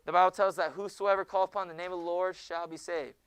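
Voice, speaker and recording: Man teaching a classroom lesson, high voice, smooth and clear, dry sound, jokey, keeps hushing kids. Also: fast talker, dry recording. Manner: lively, jokey, often hushing students. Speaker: junior high Bible teacher. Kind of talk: classroom lecture.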